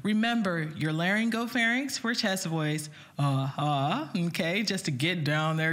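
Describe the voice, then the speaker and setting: A woman's voice: fairly low pitch, a little slow, few pauses, a bit bright. A woman vocal coach giving an upbeat online singing lesson, talking straight to her viewers and breaking into short sung vowel demos.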